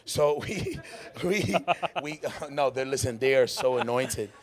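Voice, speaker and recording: An excitable man rambles and laughs through a casual podcast chat, his voice slightly worn from singing. He sounds like he is in a warehouse-style venue right after a show. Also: medium pitch, slow. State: losing his voice. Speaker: podcast host and worship musician.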